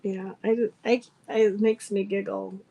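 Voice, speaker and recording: A woman's voice: medium pitch, measured pace, creaky, lo-fi sound. A middle-aged woman hosting a craft livestream, chatting casually and breaking into laughter as she tells a funny story. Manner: animated, laughing often while telling a story. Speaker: livestream seller host. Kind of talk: casual live-stream storytelling.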